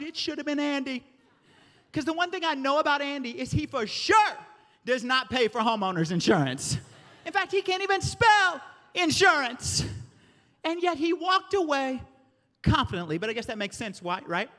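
Preacher, male, from the South, bright high voice, animated sermon storytelling, echoing hall. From American South. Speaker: pastor. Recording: reverberant hall.

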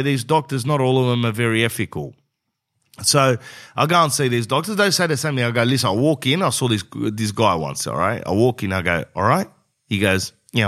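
A man's voice: medium pitch, a bit bright. A middle-aged man tells a rambling comic story in a casual, loose way. He drifts off on tangents and acts out the other people in the tale, throwing in "bro" all the time. His voice sits in an ordinary middle range for a man. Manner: rambling, says "bro" often, acts out both sides of dialogue. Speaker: comedian.

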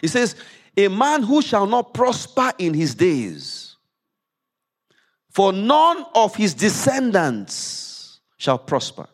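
A man preaching a sermon in a church service, reading scripture aloud with rising emphasis and dropping low to explain it. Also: huge pitch swings, takes it slowly.

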